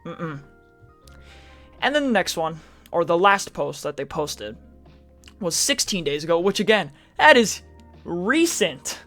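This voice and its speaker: A man's voice: on the high side, sing-song, measured pace, pauses often, fairly bright tone, faint music behind. Chatty man mocking reddit posts. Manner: chatty, sarcastic asides; reads posts aloud in a mocking tone. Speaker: streamer. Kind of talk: casual reddit reaction commentary.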